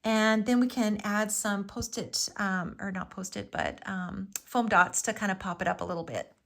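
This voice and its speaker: A woman's voice: medium pitch, steady tone, normal speed, creaky. A woman hosting a live craft tutorial, talking through each step in a chatty, enthusiastic way with frequent fillers.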